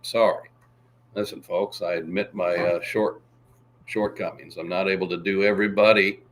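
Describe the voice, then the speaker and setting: A man's voice: deep voice, steady tone, normal speed, fairly bright tone, slight background noise. A man hosting a casual livestream, rambling and reading out viewer chat. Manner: rambling, reads chat aloud, tries impressions. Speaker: livestream host.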